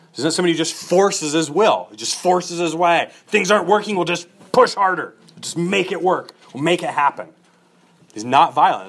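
A man's voice: lowish voice, a bit bright. A middle-aged man preaching an expository sermon, earnest and emphatic, building points through repeated lists. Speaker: pastor.

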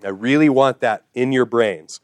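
Male preacher, earnest teaching tone, repeats key lines, mid pitch, dry close sound. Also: moderate pace, no room sound. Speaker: pastor. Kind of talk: sermon.

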